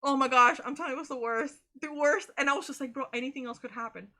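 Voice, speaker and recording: A young woman, co-hosting a casual chat and telling a story in an animated way, swearing freely and saying "bro" a lot. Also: high-pitched, fast talker. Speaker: co-host of a reaction channel.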